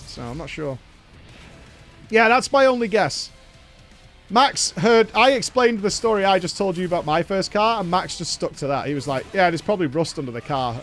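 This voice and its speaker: A man chatting casually with his live-stream chat, telling a story with lively, acted-out dialogue and casual swearing. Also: high-pitched, a little hiss or hum.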